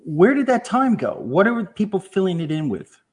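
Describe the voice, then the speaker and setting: A man's voice: sits high, very animated, moderate pace, a little mellow, slightly rough. A man chatting enthusiastically, telling anecdotes and acting out the voices in them. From United States. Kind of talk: casual storytelling.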